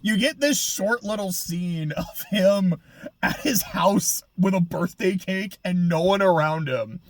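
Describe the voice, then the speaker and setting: Male anime reviewer with a high voice, dry close mic, casual and sarcastic with lots of swearing. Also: animated, takes it slowly, no echo. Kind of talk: video essay commentary.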